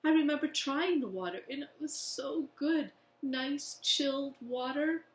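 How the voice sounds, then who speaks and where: A woman's voice: high voice, measured pace, slight background noise, voice pushed up. Woman voicing Derek, an eager schoolboy. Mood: wistful. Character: eager young schoolboy, wistful. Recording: echoey room.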